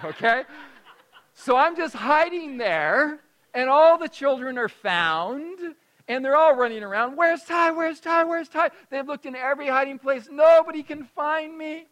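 Man, personal storytelling, high voice, bright and forceful, animated, laughs often, moves between loud and hushed. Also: moderate pace, low-quality recording.

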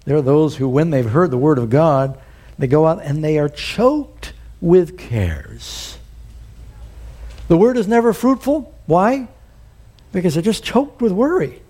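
A man's voice: a little high, lively intonation, unhurried, warm tone. A male pastor preaching a sermon, telling folksy stories and building to emphatic points. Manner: folksy storytelling with rising emphasis.

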